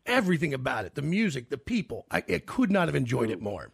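A man hosting a radio interview, chatting casually and haltingly, often repeating words as he searches for them. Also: mid-range voice, very animated, gravelly, slightly rough, no room sound, clean studio sound. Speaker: radio host.

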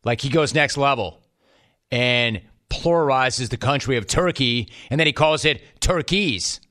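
Bright-voiced wry male commentator. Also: mid-range voice, a little slow. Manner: wry, mocking. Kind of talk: scripted comedic sports commentary.

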